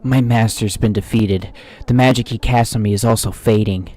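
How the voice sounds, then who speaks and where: A man's voice: fairly low pitch, steady tone, a little mellow, close to an everyday voice. A man reading as a sad magical doll servant. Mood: calm. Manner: reads the game's text aloud slowly and plainly.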